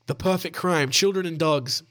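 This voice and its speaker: Aussie guy podcasting, kinda high voice, swears a lot and cracks himself up, tired. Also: normal speed, a bit bright. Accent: Australian. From Australia. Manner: sweary, laughing asides, self-interrupting. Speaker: podcast host. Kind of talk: casual podcast reading of news stories.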